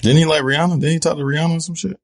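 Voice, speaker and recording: A man co-hosting a podcast in casual, profane chat, laid-back and quick to agree and laugh. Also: a little high, steady tone. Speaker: podcast co-host.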